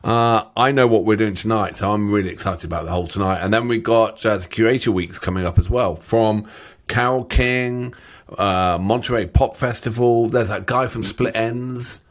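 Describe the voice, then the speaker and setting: Male co-host, low voice, upbeat and chatty, addresses the audience. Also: moderate pace. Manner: enthusiastic, talks straight to viewers. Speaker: co-host of a music reaction channel. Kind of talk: casual chat.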